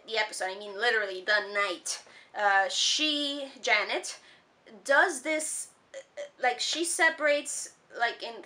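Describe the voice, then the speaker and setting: Woman rambling about a cartoon ep, lots of ums, kinda high voice, a bit far from the mic. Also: pushed and bright. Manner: rambling, with many fillers and laughs. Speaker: cartoon reviewer. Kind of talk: casual episode recap vlog.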